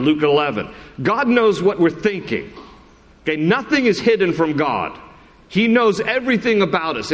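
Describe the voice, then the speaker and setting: A man's voice: medium pitch, fairly bright tone. A male pastor giving a conversational sermon, quoting scripture and often restarting his sentences. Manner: conversational preaching with repeated restarts and scripture quotes. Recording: long hall reverb.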